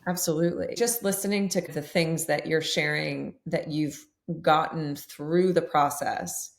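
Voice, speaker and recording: Gravelly low-voiced woman podcast host. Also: steady tone, a little slow. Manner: gentle, affirming listener. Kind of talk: casual interview chat. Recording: echoey room.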